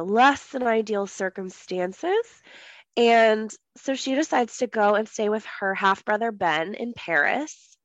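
A woman's voice: medium pitch, dry recording, highs cut off. A woman co-hosting a book podcast, chatting casually with lots of ums, her voice a little off today. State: voice a bit off. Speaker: podcast co-host. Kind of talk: casual chat about books.

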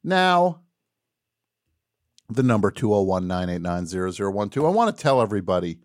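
A man hosting a live call-in radio show, wry and mock-boastful, dropping to quiet mumbles and rising to shouts. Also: fairly low pitch, very animated, normal speed, dry recording, studio quality.

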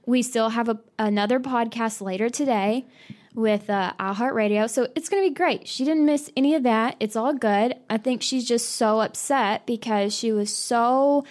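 A young woman with a slightly high voice speaks in a calm, soothing way. She reassures her co-host and finishes her sentences in relaxed podcast chat. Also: normal speed. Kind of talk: casual chat.

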